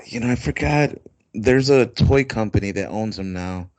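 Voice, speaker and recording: A man's voice: on the low side, expressive, normal speed, darkish tone, no room sound. A man hosting a podcast in casual chat, rambling with lots of fillers and frequent laughs. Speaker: podcast host. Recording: dull dry lo-fi recording.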